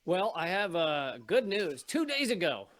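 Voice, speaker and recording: Male interview host, high pitch, easygoing and conversational. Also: sing-song, a little slow, fairly bright tone. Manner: conversational, agreeing, hesitant starts.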